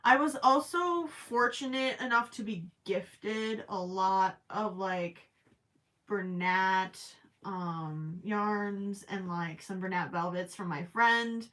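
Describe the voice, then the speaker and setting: A woman's voice: mid-range voice, slow, fairly bright tone. A woman chatting casually with her viewers while she crochets, rambling with plenty of ums and self-deprecating asides. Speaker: crochet livestream host.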